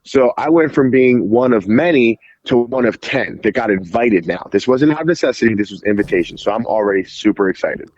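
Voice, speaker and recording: A man guesting on a podcast, telling an animated story in casual speech full of "like" fillers and casual swearing. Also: medium pitch, brisk, hardly any pauses, dull audio. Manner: animated, heavy "like" fillers, acts out quoted dialogue, swears casually. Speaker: podcast guest, jiu-jitsu referee.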